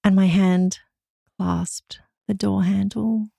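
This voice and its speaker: A woman voicing a sultry narrator of an erotic story in a breathy whisper, as whispered role-play. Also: mid-range voice, fairly even intonation, slow pace, mellow, exaggerated voice. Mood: sultry hush.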